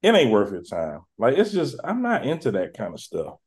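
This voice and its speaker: A man's voice: medium pitch, wildly swooping pitch, moderate pace, a little mellow. A man hosting a podcast, chatting in a laid-back, slangy, rambling way. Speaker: podcast host. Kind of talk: casual chat.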